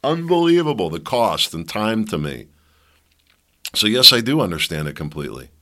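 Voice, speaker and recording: A man's voice: fairly low pitch, big pitch swings, moderate pace, bright, forceful tone. A man hosting his own podcast from his basement, talking in a rambling way with many restarts. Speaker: podcast host. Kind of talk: casual opinion monologue. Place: home basement.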